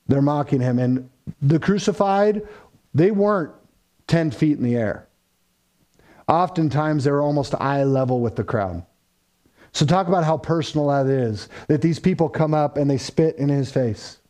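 A man preaching a verse-by-verse sermon, rising in pitch and volume for emphasis and dropping low and quiet for solemn points. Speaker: pastor. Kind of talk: expository sermon.

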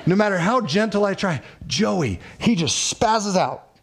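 Middle-aged pastor guy preaching, slightly higher voice, chatty and emphatic. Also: moderate pace, slight background noise. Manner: conversational preaching with personal stories and emphatic asides. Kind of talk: sermon.

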